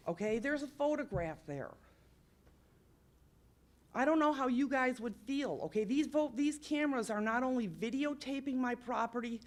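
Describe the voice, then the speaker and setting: A woman's voice: a little high, a little mellow. A woman speaking at public comment in a village council meeting, upset and insistent, apologizing for her emotion while pressing her complaint.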